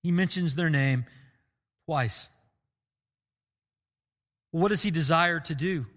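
Bright high-voiced man preaching earnestly. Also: slow, in a large hall. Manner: earnest, emotive preaching with repeated phrases. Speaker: pastor. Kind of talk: sermon.

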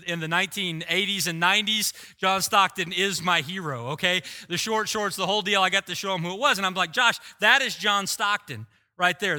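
A middle-aged man preaching a sermon, telling a self-mocking story with animated, humorous delivery. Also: high-pitched. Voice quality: voice likened to a screaming rock singer. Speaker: pastor.

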